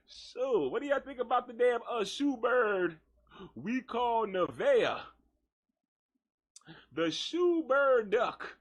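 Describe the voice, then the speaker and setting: A man hosting a live gossip show, joking and cursing in an animated, mocking way. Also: very high-pitched, slow, long pauses. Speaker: host. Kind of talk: live gossip radio talk.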